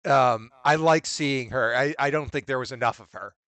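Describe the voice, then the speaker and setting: Soft-spoken man in podcast chat. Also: medium pitch, moderate pace, no room sound. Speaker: podcast co-host. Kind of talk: casual movie-review chat.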